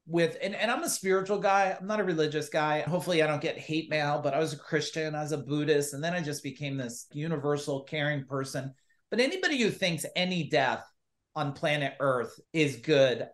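Middle-aged man, business coach, punchy animated storyteller. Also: fairly high pitch. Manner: animated, emphatic, acts out quoted dialogue. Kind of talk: podcast interview storytelling.

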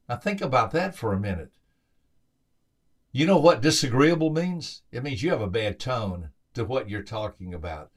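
A man's voice: mid-range voice, measured pace. Emphatic male motivational speaker. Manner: emphatic, repeats phrases for stress; acts out quoted voices with lively lifts. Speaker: podcast host and motivational speaker. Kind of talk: motivational storytelling talk.

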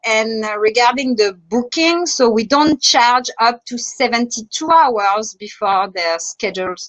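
A woman's voice: on the high side, measured pace, fairly bright tone, rough recording. A woman with a French accent, a dive instructor and resort manager, answering interview questions with lots of hesitant fillers. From France. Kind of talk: online interview.

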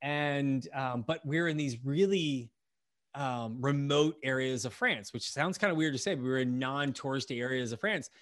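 A man's voice: mid-range voice, normal speed, fairly bright tone. A man from the United States hosting a casual podcast interview, talking in a chatty, rambling way with many restarts. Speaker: podcast host.

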